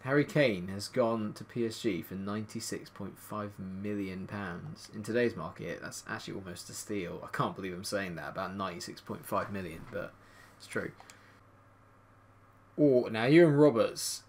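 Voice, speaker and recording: A man casually commentating his own football video game, muttering through menus and yelping high when chances come. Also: normal speed, a little hiss or hum. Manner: swings from quiet mumbling to excited high-pitched yelps at goals. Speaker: gaming commentator.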